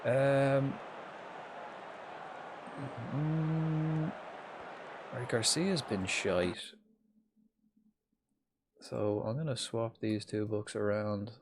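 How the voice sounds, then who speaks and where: A man's voice: mid-range voice, very slow, pauses often, noisy background. An Irish man commentating live on a football management game, swearing freely and chatting with viewers. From Ireland. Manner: swearing, excitable, chatting with chat. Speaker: streamer.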